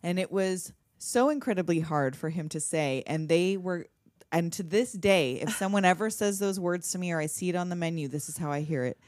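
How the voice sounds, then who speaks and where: A woman's voice: on the low side, brisk, a little mellow, dry recording, clean studio sound. A woman in her thirties co-hosting a film podcast in casual chat, swearing freely and laughing as she tells stories. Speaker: podcast co-host.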